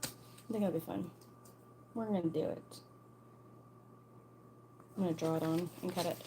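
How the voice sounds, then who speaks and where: A woman's voice: fairly low pitch, steady tone, moderate pace, background noise. A woman leading a casual sewalong tutorial, chatting and thinking aloud as she plans and cuts her fabric pieces. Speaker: sewing instructor.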